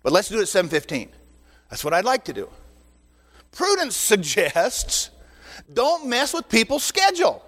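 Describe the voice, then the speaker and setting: Older male pastor, high-pitched, animated teaching sermon in a reverberant hall. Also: normal speed, long pauses. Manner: animated, joking asides to the congregation. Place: church sanctuary. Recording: long reverb in a church hall.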